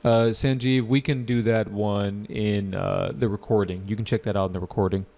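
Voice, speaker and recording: A man with a low, gravelly voice leads a test prep class. He talks casually and jokes as he explains answers and responds to student questions. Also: fairly even intonation, moderate pace, a little mellow. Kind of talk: live online class.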